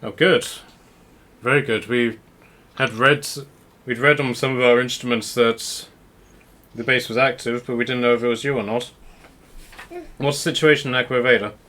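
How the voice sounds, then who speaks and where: A man's voice: mid-range voice, steady tone, moderate pace, pauses often, bright, forceful tone, natural voice. A man voicing an officious officer who speaks through a magic sending stone and questions the party. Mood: businesslike.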